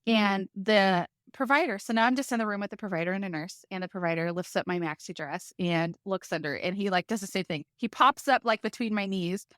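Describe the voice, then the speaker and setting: Animated woman telling a story, dry sound. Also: medium pitch, brisk, hardly any pauses, no room sound. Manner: lively, vivid retelling with many fillers like "like". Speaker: podcast guest. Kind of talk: personal storytelling.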